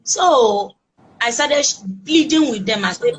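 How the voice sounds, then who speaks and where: A woman with a Nigerian accent giving personal testimony as an interviewee, talking in a halting, emotional way with many restarts. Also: on the high side, lively intonation, noisy background. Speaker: interviewee recounting a kidnapping.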